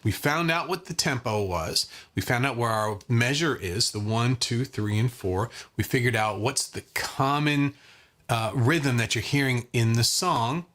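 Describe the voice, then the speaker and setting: A man teaching a live online guitar lesson in a relaxed, chatty way, counting beats aloud as he strums. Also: medium pitch, a little slow. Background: acoustic guitar strumming.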